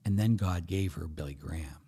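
A middle-aged Catholic priest preaching during a Q&A, emphatic, often asking rhetorical questions and swinging between loud and soft. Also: male voice, low voice, brisk, vocal fry, slightly rough.

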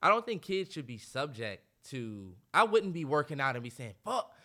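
A man's voice: mid-range voice, very animated, normal speed, pushed and bright. A man in his twenties co-hosting a podcast, chatting casually and with lots of profanity, acting out the voices of people he quotes. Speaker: podcast co-host. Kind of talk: casual chat.

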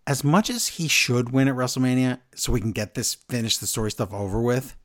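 A man co-hosting a podcast, recapping a wrestling show in casual, animated chat from his notes. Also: mid-range voice, a little fast. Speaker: podcast co-host.

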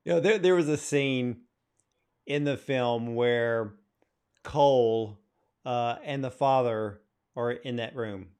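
A man's voice: mid-range voice, slow, a little mellow, clean tone. A man hosting an interview, asking questions and praising the film with enthusiasm. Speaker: interview host.

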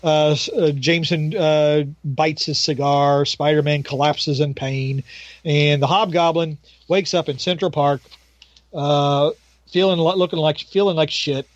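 A man at home at night, rambling through a casual comic book recap and jumping his pitch up to mimic characters. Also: fairly even intonation, a little slow, dry recording, lo-fi sound. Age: adult. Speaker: podcast co-host.

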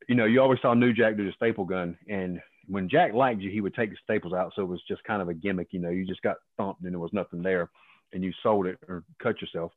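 A man in his fifties, a former wrestler, telling profane, animated stories as a guest and acting out other people's lines. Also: on the low side, dry recording. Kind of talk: casual storytelling. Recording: dry tinny phone line.

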